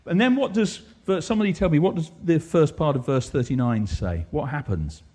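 A male preacher delivering a sermon, his voice sitting high and swooping widely as he presses his points. He keeps turning to the congregation with questions and repeats his key lines for emphasis. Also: a little fast. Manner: animated, asks the congregation questions, rhetorical repetition. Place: church.

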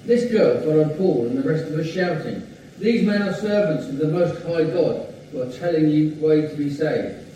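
A man from the congregation reading a scripture passage aloud in a steady, plain way. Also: a little high, moderate pace, recorded from a distance, a little hiss or hum. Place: church. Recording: roomy, from off-mic in a church.

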